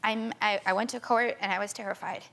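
A woman's voice: mid-range voice, steady tone, vocal fry, fairly bright tone. A young woman in her twenties, a talk show guest, telling her story with urgency and frequent restarts. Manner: tearful, rushed storytelling with many restarts. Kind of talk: emotional talk show testimony.

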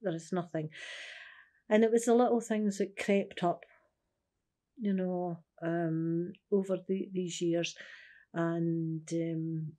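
A Scottish woman in her sixties speaks in an interview with a low, mellow voice. She tells her story earnestly and keeps slipping into "I says" as she recounts what was said. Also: fairly even intonation, slow pace, long pauses. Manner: earnest, repeats "I says", acts out remembered dialogue. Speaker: interviewee, carer's widow.

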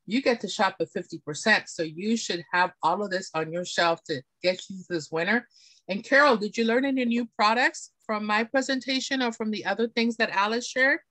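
A woman's voice: medium pitch, brisk, fairly bright tone, no echo. A woman presenting beauty products in a chatty, enthusiastic way, often checking in with her audience. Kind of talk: live product demonstration. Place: home, on camera.

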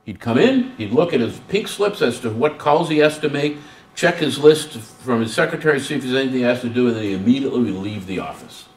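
Animated man lecturing in an echoey room. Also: mid-range voice, quick pace. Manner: animated, acts out dialogues with humor. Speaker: guest speaker on student service. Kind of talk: workshop presentation. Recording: roomy hall, distant mic.

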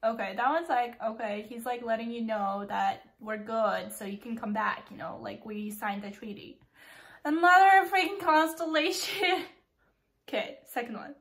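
A young woman with a stuffy nose, gushing excitedly in a casual reaction vlog and saying "like" a lot. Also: mid-range voice, normal speed, creaky. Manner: gushing and excitable, with lots of "like" and "freaking". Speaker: book vlogger.

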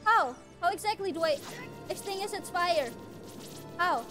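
Over music, a woman live-streams a video game, playfully talking to herself and letting out mock-outraged exclamations as she comments on the gameplay. Her voice is very high-pitched and moves at normal speed.

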